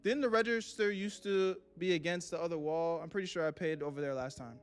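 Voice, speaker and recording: A man's voice: a little high, brisk, soft background music. A young man streaming a game live, swearing and talking nervously to his chat as he plays. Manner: jittery, swearing, talks to chat. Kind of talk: live gameplay commentary.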